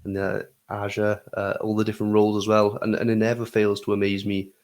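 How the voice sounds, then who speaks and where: Even-toned male co-host. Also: fairly low pitch, fairly quick. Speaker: podcast co-host. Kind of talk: casual podcast conversation.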